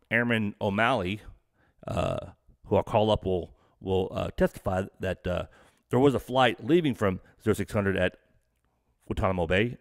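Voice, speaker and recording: A man's voice: fairly high pitch, no echo, studio quality. A middle-aged man from Texas hosting a live stream, ranting bluntly and profanely in a rambling, casual way.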